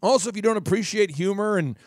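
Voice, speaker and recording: A man from Minnesota hosting a podcast, talking through advice in a jokey, animated way with lots of repetition. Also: high-pitched, fast, no room sound, studio quality. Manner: jokey, animated, repeats phrases. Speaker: podcast host and business coach. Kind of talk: advice monologue.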